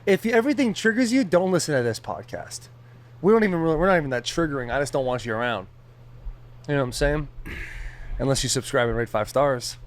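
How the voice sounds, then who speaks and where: A man co-hosting a podcast, delivering loud, joking, rambling banter and promos. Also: a little high, animated, fast talker. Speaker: podcast co-host.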